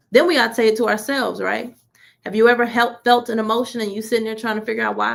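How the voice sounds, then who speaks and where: A woman's voice: on the high side, fast, creaky. A woman leading a church teaching session in a conversational sermon style, informal and colloquial, asking listeners one rhetorical question after another. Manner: colloquial, relaxed grammar.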